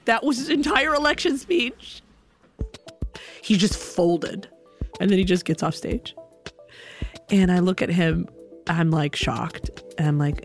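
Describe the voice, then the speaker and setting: A young woman tells a funny personal story with lively animation, jumping into other people's voices. Soft music sits faintly under her. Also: lowish voice, a little slow, long pauses.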